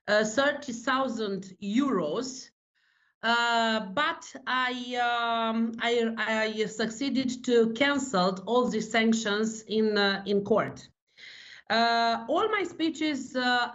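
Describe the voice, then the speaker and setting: A Romanian-accented woman speaks English as a second language, slowly and earnestly, stopping often to find her words. Her voice sits a touch high. The sound is a little muffled and lo-fi. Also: fairly bright tone. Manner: halting, many fillers, earnest. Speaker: senator guest. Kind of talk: remote interview answers.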